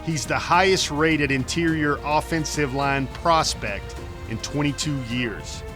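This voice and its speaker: Man, sports documentary narrator, polished scripted read, music playing underneath. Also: on the high side. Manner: polished, measured.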